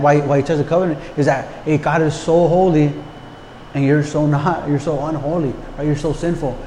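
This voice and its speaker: A man's voice: on the high side, a little mellow. A man preaching a conversational sermon, often repeating words and asking the listeners rhetorical questions. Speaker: pastor. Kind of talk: casual sermon. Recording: long hall reverb, faint background noise.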